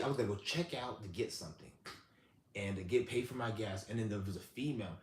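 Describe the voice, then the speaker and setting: A man's voice: fairly low pitch, fast talker, darkish tone. Blunt, profane man ranting in a roomy space. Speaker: live-stream host. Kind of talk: ranting storytelling. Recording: roomy with faint background hum.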